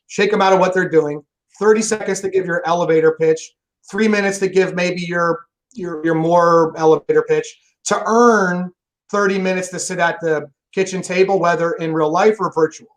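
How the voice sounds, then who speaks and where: A man talking fast and emphatically in a casual interview about selling, rambling and swearing freely. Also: high voice, rough recording. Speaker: solar sales pro guest.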